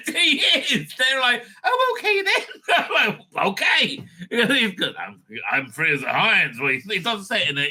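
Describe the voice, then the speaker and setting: A man's voice: high voice, bright, forceful tone. A man hosting his own online show, rambling in a loose, profane, laughing commentary style. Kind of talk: casual ranting commentary.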